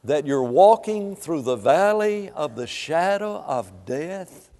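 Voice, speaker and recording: A man preaching a sermon to a congregation, swinging between hushed lines and loud, drawn-out emphasis. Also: fairly high pitch, expressive. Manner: dramatic swings from soft to loud, slow emphatic phrasing. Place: church sanctuary. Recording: long hall reverb.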